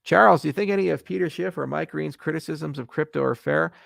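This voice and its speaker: A man hosting a casual livestream Q&A, reading viewer questions aloud and answering with wry, deadpan jokes. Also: a little high, fast, vocal fry, dry recording, clean studio sound.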